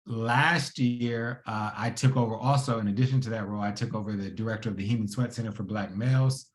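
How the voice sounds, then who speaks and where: Animated man telling his story in a roomy space. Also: on the low side, a little fast. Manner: animated, acts out quoted dialogue in a casual slangy way. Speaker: guest. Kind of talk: conversational storytelling. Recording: roomy echo.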